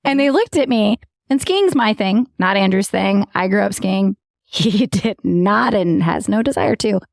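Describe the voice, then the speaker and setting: Woman, podcast co-host, animated storyteller, dry close sound. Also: mid-range voice, measured pace, creaky, no echo. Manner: animated storyteller who acts out quotes and laughs often. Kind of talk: casual chat.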